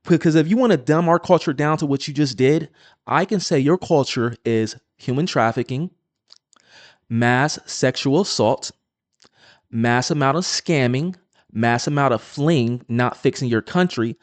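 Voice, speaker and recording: A man's voice: medium pitch, a little slow, dry recording. Combative man, dry close sound. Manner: combative, insistent. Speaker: commentator reacting to a clip. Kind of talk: argumentative reaction commentary.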